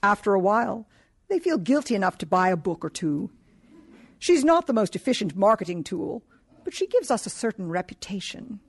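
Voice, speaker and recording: A woman voicing a soft-spoken, polite male bookseller with a British accent in an audiobook. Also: medium pitch, sing-song, normal speed, slightly rough, no echo. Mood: quiet, courteous. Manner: quiet, courteous.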